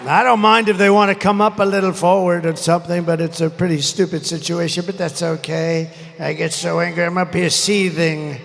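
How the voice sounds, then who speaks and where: A man's voice: on the high side, level tone, a little fast, vocal fry, few pauses, a bit bright. Older man, rally speech, rambling, boastful, angry outbursts, echoing arena, faint crowd hum. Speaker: politician speaking at a rally. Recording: echoey arena sound, faint crowd ambience.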